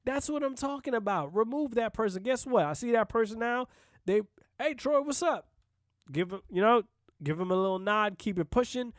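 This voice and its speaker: A man's voice: high voice, animated, fairly quick, dry recording, clean studio sound. A man hosting a solo podcast, talking bluntly and casually, with profanity and frequent "you know what I mean" asides. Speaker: podcast host.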